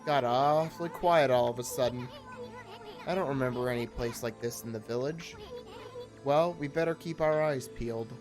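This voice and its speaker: Woman doing a cocky tiny bug artist. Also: a bass voice. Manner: boastful, brash, fast-talking. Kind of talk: reading game dialogue aloud. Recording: game music behind.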